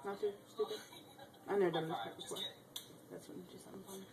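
A woman's voice: mid-range voice, fairly even intonation, a little fast, over music. A young woman vlogging casually at home on a handheld camera, chatty, giggly and rambling. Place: house, indoors.

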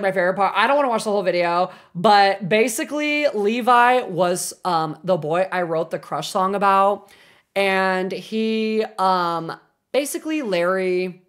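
A young woman in her twenties streaming, chatting casually and excitably with lots of filler words. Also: mid-range voice. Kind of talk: casual livestream chat.

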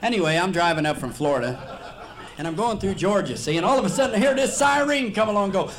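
A man's voice: high voice, lively intonation, fast talker. A man from the Cincinnati area doing live stand-up in a nightclub, folksy and ribbing the crowd. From Cincinnati, Ohio area. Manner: folksy, ribbing the audience, laughing at his own jokes. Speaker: stand-up comedian. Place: nightclub stage.

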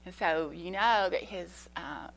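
Woman, lowish voice, Sunday school teacher, patient, halting delivery. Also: vocal fry. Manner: gentle, explanatory, many pauses and fillers. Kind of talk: children's Bible lesson. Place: church.

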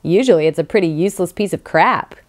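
A woman voicing a smug, cynical young male clone who lives as a stoner, with a sardonic, deadpan delivery. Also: fairly low pitch, quick pace, close to an everyday voice.

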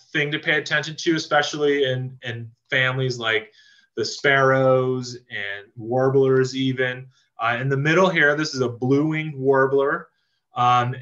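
Enthusiastic man with a bright voice. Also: medium pitch. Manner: relaxed, enthusiastic, many fillers and restarts. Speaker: land trust staff member teaching birding. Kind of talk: casual virtual presentation. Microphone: video call microphone. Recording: slightly dull lo-fi video call audio.

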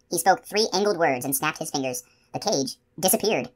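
A woman reads a novel aloud as an audiobook narrator. Her voice sits low, and she tells the story in a steady, expressive way. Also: moderate pace, breathy edge.

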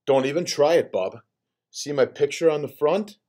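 A man voicing a bossy, playful male character from a picture book, reading it aloud in an excitable, animated way. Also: a little high, moderate pace, pitched above the performer's own voice, lightly acted.

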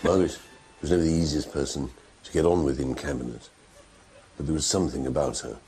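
A plummy old minister, very deep, breathy, sketch clip. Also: male voice, steady tone, fast, mellow, heavily acted. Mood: reminiscing.

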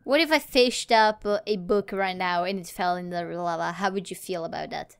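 A woman chatting casually while playing a game, playful and giggly, with excitable exclamations. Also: fairly low pitch, normal speed, gravelly, clean tone. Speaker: gamer recording a let's play. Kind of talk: casual gameplay chat.

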